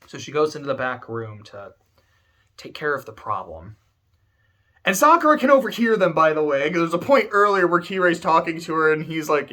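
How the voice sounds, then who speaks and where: A man's voice: on the high side, animated, moderate pace, a bit bright. Casting: teary guy rambling, swears a lot, emotional talk. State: close to tears. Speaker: video essayist.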